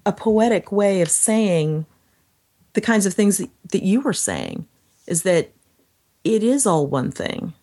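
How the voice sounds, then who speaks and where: A woman chatting casually as a podcast co-host, her voice going hoarse, animated when quoting people. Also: takes it slowly. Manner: animated, acts out quotes in a higher voice. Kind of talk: casual conversation.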